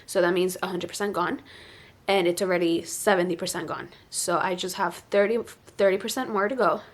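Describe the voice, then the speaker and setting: A young woman vlogging casually about her pregnancy, chatty and excitable, full of fillers. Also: fairly low pitch, fairly quick.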